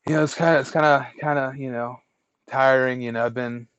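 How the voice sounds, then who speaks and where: A man's voice: mid-range voice, fairly even intonation, fairly quick, a bit bright, smooth, no room sound, highs cut off, natural voice. Man doing a laid-back older drifter. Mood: friendly. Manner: casual, laid-back, keeps saying "hey, man" and "brother". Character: friendly older bearded drifter man, a veteran.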